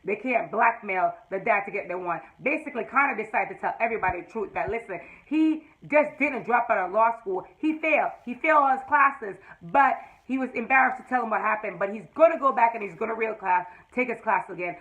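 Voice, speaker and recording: A woman's voice: fairly high pitch, expressive, brisk, hardly any pauses, a bit bright, poor audio. A woman giving a casual, emphatic, slangy recap of a TV episode and talking straight to her viewers. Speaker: TV episode reviewer.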